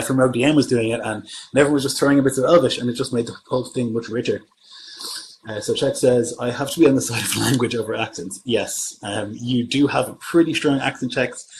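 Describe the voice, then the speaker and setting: A man's voice: medium pitch, a little hiss or hum, low-quality recording. A man from Germany who runs tabletop games, chatting casually on a livestream and thinking aloud as he answers viewer comments. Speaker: game master.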